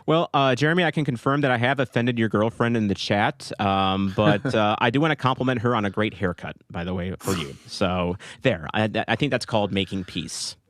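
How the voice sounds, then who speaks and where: A low-voiced man breaks down a soccer match for podcast listeners, walking through each play with eager detail. His voice sounds dry and close, with little room sound. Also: fairly quick, hardly any pauses, fairly bright tone, dry recording. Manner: enthusiastic play-by-play recap, many fillers. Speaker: podcast co-host. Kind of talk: casual sports podcast chat.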